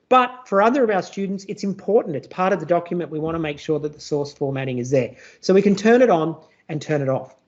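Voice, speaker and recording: A teacher giving a live online demonstration of a reading tool, talking casually and checking in with "all right?" after nearly every point. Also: mid-range voice. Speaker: teacher presenting a workshop. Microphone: computer mic on a video call. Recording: muffled lo-fi video call audio.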